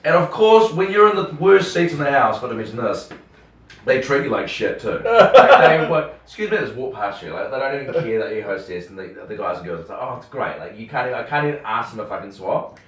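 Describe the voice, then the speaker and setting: A young man with a New Zealand accent, a radio host telling a story in casual chat, animated and acting out the dialogue, swearing freely. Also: medium pitch, fairly quick. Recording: roomy sound from a distant mic.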